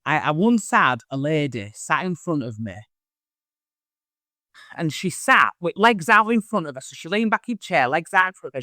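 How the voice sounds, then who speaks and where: A man talks about his work as a medium in a chatty, animated way, acting out the people in his stories. His voice is bright and forceful and sits a little high for a man. The sound is dry and close to the mic. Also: dry recording. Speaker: medium, podcast host as guest. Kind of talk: casual interview storytelling.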